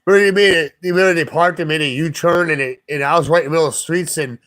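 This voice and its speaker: A man in a casual chat, telling a story in a rambling, profane, animated way and acting out what other people said. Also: a little high, very fast. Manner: rambling, profane, animated retelling with quoted voices.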